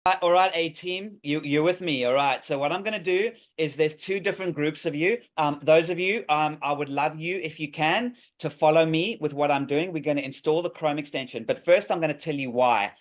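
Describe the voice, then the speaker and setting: A man's voice: on the high side, a little fast, few pauses. A man presenting an app demo on a video call, enthusiastic and salesy, with many fillers and restarts. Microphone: video call microphone. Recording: dull lo-fi call audio.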